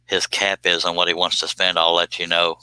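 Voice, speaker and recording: Man, livestream host, deep voice, plainspoken and joking, dry close sound. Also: completely flat delivery, brisk, bright, forceful tone, clear, resonant tone, no room sound, low-quality recording. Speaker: livestream host answering chat. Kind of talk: casual livestream chat while working.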